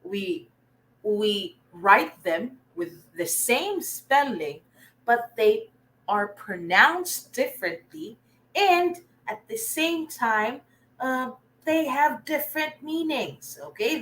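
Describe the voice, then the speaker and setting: A woman's voice: high-pitched, animated, slow pace, fairly bright tone, poor audio. A Filipino woman teaching an online reading lesson, encouraging and often checking in with her learners. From Philippines.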